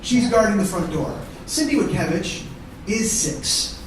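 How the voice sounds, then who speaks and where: Man, middle-aged, stand-up storyteller, profane, animated, distant mic, very echoey theater. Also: high-pitched, measured pace, a little hiss or hum. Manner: animated, profane, shouts quoted kids' lines. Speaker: stand-up comedian. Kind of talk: live one-man comedy storytelling. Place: live theater stage with audience laughing.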